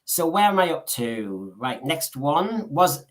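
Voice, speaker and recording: In this casual podcast chat, the male co-host speaks slowly yet very animatedly, his voice pitched a little high. His talk wanders, and he often starts sentences over by repeating words.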